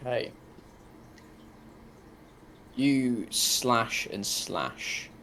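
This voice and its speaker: A man narrating a tabletop game as game master, relaxed and often pausing with ums. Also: medium pitch, slight background noise.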